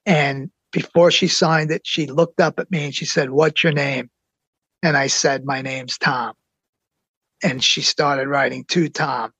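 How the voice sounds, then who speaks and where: A middle-aged man telling a personal story in an excited, earnest way, slowing down to stress the big moments. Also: a little high, dry recording, muffled recording. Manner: excited, earnest, slows down for emphasis. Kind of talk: personal anecdote.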